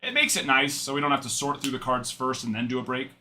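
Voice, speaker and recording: A man's voice: medium pitch, animated, fast talker, bright, forceful tone, a little hiss or hum. A young adult man hosting a live card-break stream, chatting and rambling in asides while he reads out cards.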